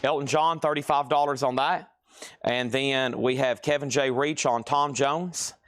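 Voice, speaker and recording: Male live-sale host, quick patter, close mic catching his breaths, dry and upfront. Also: medium pitch, fairly even intonation, no echo. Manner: rapid salesman patter, breathes audibly through nose. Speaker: live-stream auction host. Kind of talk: fast live-sale patter reading bids and comments. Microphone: mic right next to his mouth.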